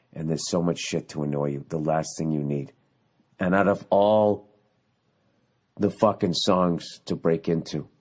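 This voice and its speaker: Man, solo podcast host, profane, sarcastic, rambling rant, low-pitched. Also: darkish tone, breathy edge. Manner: profane, sarcastic ranting with mocking mimicry. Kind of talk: solo ranting monologue. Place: on vacation away from home.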